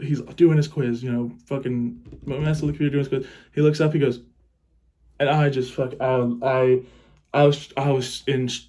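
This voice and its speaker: A man's voice: mid-range voice, darkish tone. A young man spins a crude comic anecdote in a casual, rambling way. His swearing is offhand, he laughs along as he goes, and he keeps circling back on his own sentences. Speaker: teacher.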